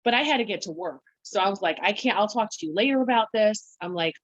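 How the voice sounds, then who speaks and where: A woman guest on a podcast, telling her story in a halting way, full of restarts and quoted self-talk. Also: mid-range voice, animated, no echo. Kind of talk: conversational storytelling. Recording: dull, lo-fi dry sound.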